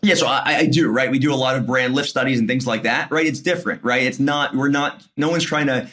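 A man who founded a media company, a guest on a podcast in casual business chat, talking quickly and leaning on "right?" and "like". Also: mid-range voice, pushed and bright. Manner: talks fast, leans on "right?" and "like".

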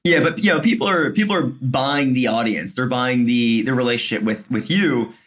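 A man who founded a media company, a guest on a podcast in casual business chat, talking quickly and leaning on "right?" and "like". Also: medium pitch, a bit bright. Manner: talks fast, leans on "right?" and "like".

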